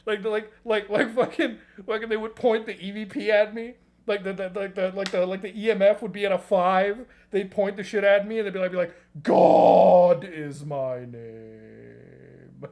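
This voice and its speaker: A man's voice: high-pitched, little pitch movement, a little fast, few pauses. A man streaming, ranting casually in a rambling, profane and joking way. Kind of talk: casual reaction-stream rant.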